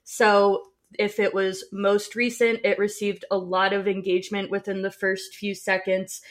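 A woman's voice: mid-range voice, flat delivery, a little slow. A woman co-host who explains her research in a casual, slightly wry chat. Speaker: podcast co-host presenting research.

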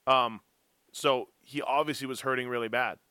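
Bright-voiced middle-aged man, joking host. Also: mid-range voice, moderate pace, clear, resonant tone, no room sound. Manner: animated storyteller with self-mocking jokes. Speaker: podcast host. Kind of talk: casual chat.

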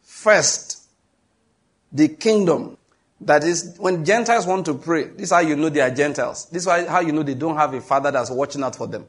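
A Nigerian man preaching a sermon with a Nigerian accent, emphatic, reading scripture slowly and joking with the congregation. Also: on the high side, slightly rough.

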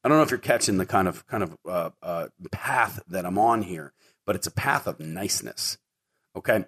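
A man's voice: deep voice, moderate pace, fairly bright tone, husky. A middle-aged man hosting his own podcast, telling stories casually and rambling, with lots of fillers and repeated words. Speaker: podcast host. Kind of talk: casual storytelling monologue.

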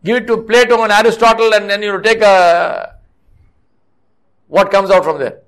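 A man's voice: sits high, fairly even intonation, moderate pace, fairly bright tone. A middle-aged man preaching a sermon, telling stories with restarts and scolding his listeners with rhetorical questions. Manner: storytelling with frequent restarts. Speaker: mosque preacher.

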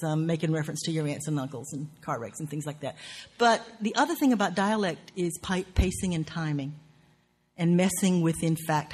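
Southern us accent, husky, writing teacher, lecture, earthy and profane, wry. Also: mid-range voice.

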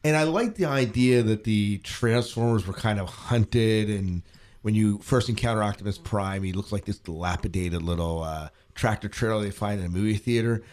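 Low-voiced rambling podcast host. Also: male voice, moderate pace, a little mellow. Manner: rambling, hesitant, many restarts and laughs. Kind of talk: casual podcast chat.

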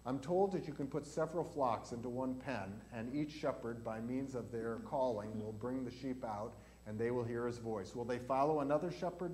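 A man pastor delivers a catechism lesson to a church audience of children and adults, quizzing the children as he goes. He speaks in a darkish mid-range voice at normal speed with hardly any pauses, over slight background noise.

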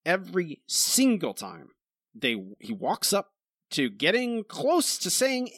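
A man's voice: high voice, wildly swooping pitch, takes it slowly, a bit bright, no room sound, clean studio sound. A man co-hosting a casual podcast, ranting about a comic book with exasperation and mocking quoted voices. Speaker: podcast co-host reviewing comics. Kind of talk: casual chat.

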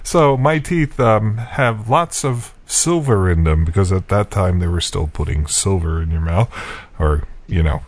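A man's voice: low voice, expressive, measured pace, dry recording. A man hosting a podcast, telling a rambling, self-mocking story in a casual chat with many fillers and chuckles. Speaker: podcast host.

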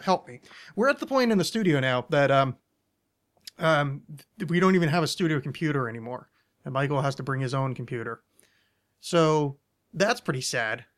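A man's voice: a little high, expressive, moderate pace, pauses often, a bit bright. A man hosting a casual podcast chat, rambling and self-deprecating, often stopping and restarting his sentences. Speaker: podcast host.

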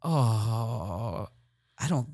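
A man's voice: fairly low pitch, animated, drawn-out words, warm tone, breathy edge, no room sound, clean studio sound. A man, a comedian guest in a casual chat, who jokes around, laughs often and slips into playful voices. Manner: laughs often, jokey and loose with playful impressions.

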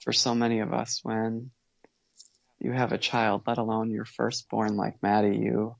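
A man telling his family's story as a podcast guest, earnest and measured, pausing and restarting as he reflects. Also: lowish voice, monotone, gravelly, no room sound, dull audio. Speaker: guest, father.

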